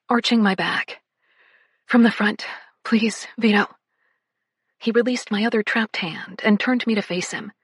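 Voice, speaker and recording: A woman narrating a first-person romance audiobook, breathy and often slipping into whispers. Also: a little high, no echo, studio quality.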